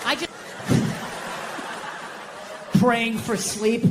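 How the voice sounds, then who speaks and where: A man doing stand-up comedy in an American accent, ranting and sarcastic, swearing a lot and swinging between muttered asides and yelling. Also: high-pitched, a little slow, long pauses, in a large hall, background noise.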